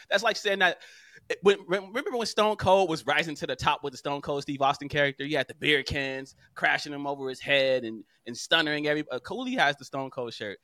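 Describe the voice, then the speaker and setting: A man co-hosting a casual podcast talks with a bright, forceful tone. He rants in an animated way and slips into mocking voices of online commenters. His sound is close and dry. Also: fairly high pitch, fairly quick, dry recording. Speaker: podcast co-host.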